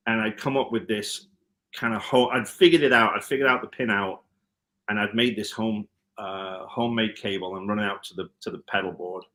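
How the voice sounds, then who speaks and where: A man from Liverpool speaks in a somewhat low voice, his Scouse accent blended with an American lilt. He tells road stories in a relaxed, rambling way, full of ums and self-corrections. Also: brisk. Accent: Liverpool (Scouse), with some American mixed in. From Liverpool, England. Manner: rambling storyteller, many ums and restarts. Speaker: guitar tech. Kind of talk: casual interview chat.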